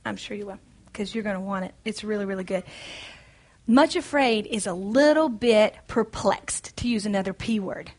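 A woman's voice: medium pitch, normal speed, darkish tone. A woman leading a Bible study, speaking in an earnest, encouraging, conversational way.

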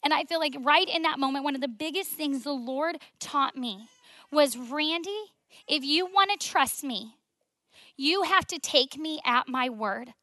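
Bright-voiced young woman telling testimony. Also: high-pitched, unhurried, no room sound. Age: 20s. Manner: emotional storytelling, many "like" fillers, softens to near whisper. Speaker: speaker sharing testimony. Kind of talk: faith testimony talk.

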